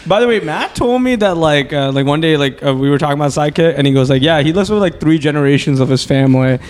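A man's voice: a little high, lively intonation, quick pace, darkish tone. A man co-hosting a casual podcast, telling rambling stories with lots of fillers. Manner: rambling storyteller, acts out quotes. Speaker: podcast co-host. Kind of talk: casual chat.

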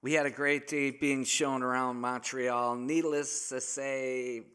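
A man's voice: medium pitch, level tone, slow pace, fairly bright tone, smooth. An American man, a drummer, telling a rambling, self-deprecating tour story in a wry, casual way. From United States.

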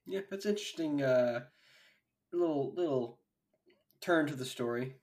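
A man's voice: medium pitch, lively intonation, unhurried, a little mellow. A man co-hosting a casual podcast, adding short, laid-back comments. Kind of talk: casual chat.

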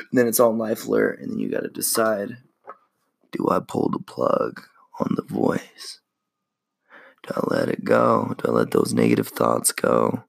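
A man's voice: on the low side, very animated, unhurried, vocal fry. A young man hosting a casual solo podcast, laid-back and slangy, reflecting on his life. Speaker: podcast host.

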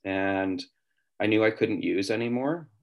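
Low-voiced man answering earnestly. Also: unhurried, rough recording. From West Kootenays, British Columbia, Canada. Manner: earnest, candid storytelling. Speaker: interviewee in addiction recovery. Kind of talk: reflective interview answers.

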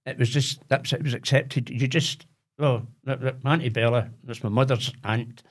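An older man with a Glaswegian Scottish accent, telling childhood stories as a podcast guest with animated, laughing delivery. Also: mid-range voice, normal speed. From Glasgow, Scotland. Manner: animated anecdotes with frequent laughter. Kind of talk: casual storytelling.

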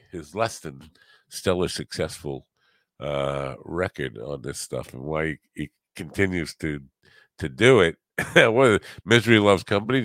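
An older man hosting a podcast in casual, rambling chat, halting often and joking at his own expense. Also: deep voice, fairly bright tone, no room sound. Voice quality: rambling, halting, self-deprecating. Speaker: podcast host.

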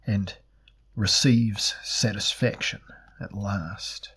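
A man reads a fantasy story aloud in a low, husky voice. His narration is measured and deliberate, paced like a scripted audiobook. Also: steady tone, bright, forceful tone.

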